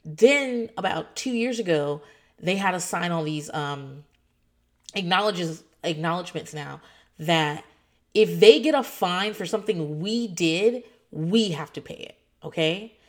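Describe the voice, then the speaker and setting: A woman in her thirties telling a story in a casual vlog, animated and profane, acting out what others said. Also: lowish voice, unhurried. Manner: animated, swearing, quotes others in voices. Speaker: foster parent telling a story.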